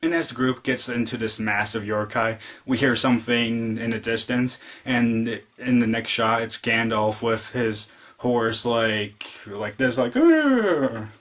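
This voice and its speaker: A man gives a casual, unscripted spoken film review in an ordinary middle pitch and at a measured pace. His rambling retelling is packed with "like" fillers, and he eagerly re-enacts quoted lines from the characters.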